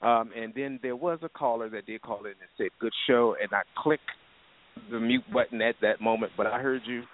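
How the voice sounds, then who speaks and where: A man's voice: medium pitch, brisk. A man hosting a call-in show in a laid-back, affirming way. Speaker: radio show host. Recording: tinny phone-line audio, dry.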